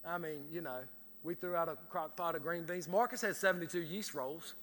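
A man preaches with a high, bright-pitched voice, trading homey jokes and stumbling repeats as he builds toward his point. His words ring out with a long tail of reverb from a church sanctuary. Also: fairly quick, slight background noise. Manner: folksy, joking storytelling with repeated words. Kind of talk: sermon.

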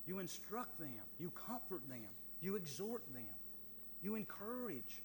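A man preaching in a church, his fairly high voice ringing out with a long hall reverb. He hammers key phrases again and again, rising to loud urging and then dropping to soft pleading. A faint hum sits beneath the recording. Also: lively intonation, normal speed. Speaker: pastor. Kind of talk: sermon. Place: church sanctuary.

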